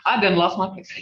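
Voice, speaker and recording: An older grandmother, working as a language teacher, runs an online class over a video call, drilling syllables and laughing often. Her voice is medium-pitched and a bit bright, but she sits far from the mic and the audio comes through dull and roomy.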